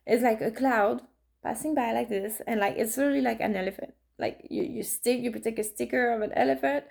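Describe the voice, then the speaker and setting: A woman's voice: a little high, gravelly, dark tone. A woman in her thirties, an artist, chatting casually and telling personal stories with many fillers and restarts. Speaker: artist and vlogger. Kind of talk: casual storytelling monologue.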